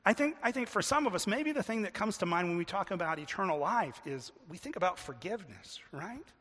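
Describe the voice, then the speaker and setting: A man preaching a sermon in earnest, often repeating words and slowing down to stress a point. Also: sits high, sing-song, a bit bright, big-room sound. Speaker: pastor.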